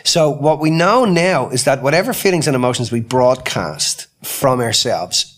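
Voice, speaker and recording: A podcast co-host tells a story in casual chat, his medium-pitched voice moving at normal speed. He's animated, acting out quoted dialogue and often restarting his sentences.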